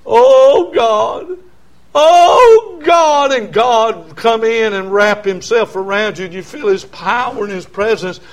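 An older man, preaching a sermon as pastor in a folksy storytelling way, swinging from quiet talk to shouting. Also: sits high, normal speed, few pauses.

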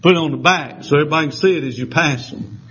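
A man preaching a fervent sermon, rising at times to shouts. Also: on the high side, very fast. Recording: dull lo-fi with faint noise.

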